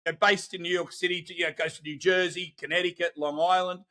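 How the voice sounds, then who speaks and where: A middle-aged Australian man telling stories as a podcast guest, animated, loose and profane. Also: sits high, fast. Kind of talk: casual storytelling.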